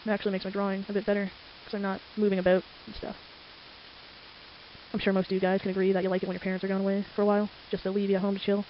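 Rambling teen with a stuffy nose, fast talker. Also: mid-range voice, monotone. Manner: chatty, rambling, easily sidetracked. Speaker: amateur artist. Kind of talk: casual rambling narration while drawing. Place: home at night. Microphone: desktop microphone. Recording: lo-fi with faint hiss.

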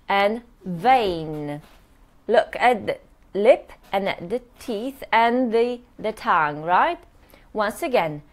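A woman teaching English pronunciation in a live online workshop, modeling words slowly and checking in with "yes?" after nearly every point. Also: mid-range voice.

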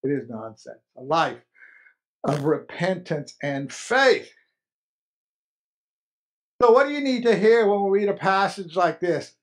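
A man's voice: high voice, sing-song, measured pace, pauses often. A man preaching a sermon as pastor, earnest and emphatic, repeating key phrases.

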